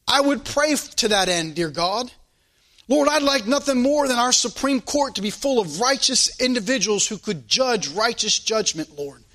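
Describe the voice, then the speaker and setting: A man's voice: high-pitched, sharp tone. A man preaching a sermon and leading a closing prayer, with a fervent, repetitive preaching cadence. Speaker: pastor.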